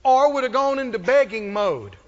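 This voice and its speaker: A man's voice: very high voice, animated, moderate pace, fairly bright tone. A man preaching a sermon with emphatic delivery, reading scripture and acting out quoted voices. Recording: muffled hall recording.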